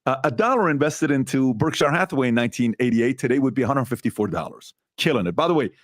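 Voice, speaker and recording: A man's voice: medium pitch, animated, quick pace, dry recording, studio quality. A man on a podcast explaining investment returns, building his point step by step with rhetorical questions.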